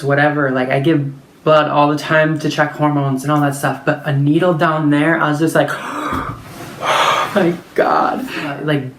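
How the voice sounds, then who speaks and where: A woman telling a personal story in a casual vlog, chatty and full of fillers. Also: low voice. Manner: chatty, filler-heavy, lots of "like". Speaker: vlogger. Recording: echoey room.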